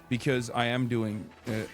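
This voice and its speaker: A man streaming live, chatting casually and reacting to chat with lots of swearing. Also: medium pitch. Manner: profane, chatty, reads chat aloud.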